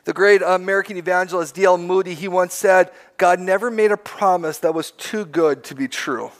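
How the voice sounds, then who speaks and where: A male pastor with a noticeably high voice delivers a sermon to his congregation. He talks earnestly, asks question after question and often doubles back on his words. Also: moderate pace.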